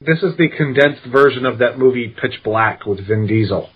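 Breathy man giving wry film takes. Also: mid-range voice, normal speed, highs cut off. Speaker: podcast co-host. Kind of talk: casual film discussion podcast.

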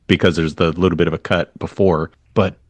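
A man's voice: low voice, little pitch movement, fairly quick, no room sound. A man co-hosting a casual movie commentary podcast, rambling and restarting mid-sentence, swearing casually. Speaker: podcast co-host.

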